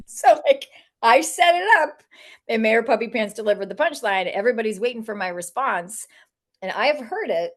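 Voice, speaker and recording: A woman, an author and animal communicator, telling funny stories in a lively way, laughing often and acting out the voices of people she quotes. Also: on the high side, moderate pace. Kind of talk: storytelling interview talk.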